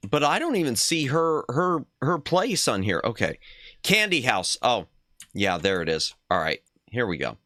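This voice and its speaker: A man's voice: medium pitch, big pitch swings, normal speed, bright, forceful tone, dry recording, clean studio sound. A man streaming a retro adventure game, thinking aloud in casual commentary and reading the game text aloud.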